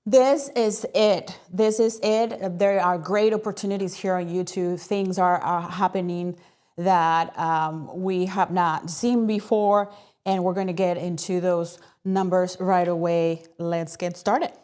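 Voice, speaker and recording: A woman hosting a live stream, talking in an energetic, chatty way with plenty of fillers. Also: lowish voice, unhurried, clear, resonant tone. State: out of breath. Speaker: host.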